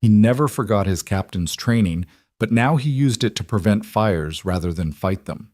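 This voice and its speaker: Low-voiced male storyteller, dry. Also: lively intonation, normal speed, a little mellow, no echo. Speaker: narrator. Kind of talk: scripted story narration.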